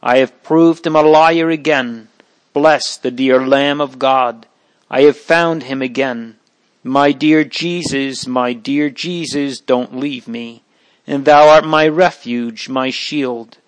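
A man reading aloud from an old memoir, voicing a dying elderly man who pleads in slow, hushed, fervent prayer. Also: medium pitch, steady tone, clean tone, no echo, lightly acted. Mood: pleading.

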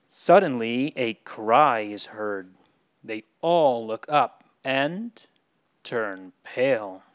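A man telling a Bible story to children in a gentle storytelling manner. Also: medium pitch, smooth, muffled recording.

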